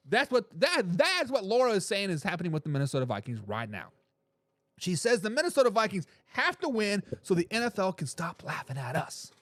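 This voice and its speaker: Animated, joking man hosting sports talk. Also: high voice, a little fast, no room sound, clean studio sound. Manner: animated, jokey, reads viewer comments aloud and laughs often. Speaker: sports talk show host. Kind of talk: casual live sports talk.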